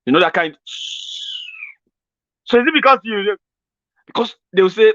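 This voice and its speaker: A Nigerian-accented man holds forth in a casual monologue, his voice sitting high for a man. He slips into pidgin to act out everyday exchanges with lively energy. The sound is dry and a little dull, with no room around it. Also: brisk, long pauses, no room sound. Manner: animated, acts out street exchanges in pidgin. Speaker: political commentator.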